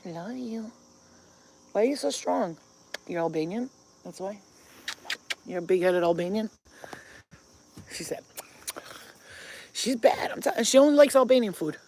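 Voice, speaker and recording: A woman's voice: mid-range voice, expressive, normal speed, long pauses, dark tone, a little hiss or hum. A woman vlogger telling stories to camera in a blunt, profane way, breaking off to talk baby talk to her pets. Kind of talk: casual storytelling to camera.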